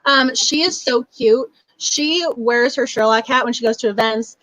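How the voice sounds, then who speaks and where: A woman's voice: fairly high pitch, moderate pace, a bit bright, no echo, rough recording. A young woman hosting a book club live stream, chatting casually and gushing, with many laughs and fillers.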